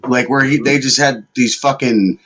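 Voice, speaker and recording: A man's voice: medium pitch, moderate pace, fairly bright tone, dull audio, slight background noise. A man hosting a podcast, chatting frankly with plenty of swearing. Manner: frank, profane, rambling. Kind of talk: casual podcast chat.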